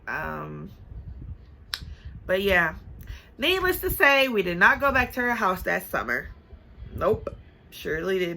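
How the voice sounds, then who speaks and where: A young woman tells a story straight to the viewer in a sassy, animated way, often calling them baby and honey. Her voice is bright and a little gravelly. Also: on the low side, a little hiss or hum, poor audio. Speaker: vlogger. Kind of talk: casual storytime.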